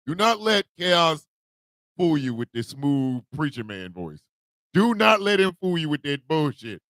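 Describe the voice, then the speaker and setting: A man hosting a morning radio show, telling comic confessions with put-on voices and loud, laughing bursts. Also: fairly high pitch, no echo. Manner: animated storytelling with put-on voices. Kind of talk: comedic radio monologue.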